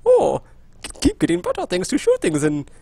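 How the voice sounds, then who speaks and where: A man's voice: high voice, wildly swooping pitch, normal speed, vocal fry, mellow, no room sound, exaggerated voice. A man putting on a put-on posh British accent to voice a pompous, cheerfully deluded male scientist who loves grinding for loot. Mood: smug cheerful. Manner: plummy, prim, chuckling.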